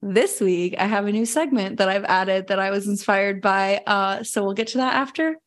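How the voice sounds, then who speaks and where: A woman's voice: medium pitch, normal speed. A young adult woman hosting a casual podcast chat, talking loosely with lots of fillers and frequent laughs. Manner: chatty, laughs often, many fillers. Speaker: podcast host. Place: home in Denver.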